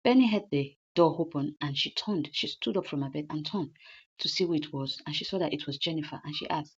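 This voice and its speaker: A woman's voice: deep voice, a little fast, husky. A woman retelling a drama story in a loose, chatty narration, often repeating her lines. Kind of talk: casual story recap. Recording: dull lo-fi recording.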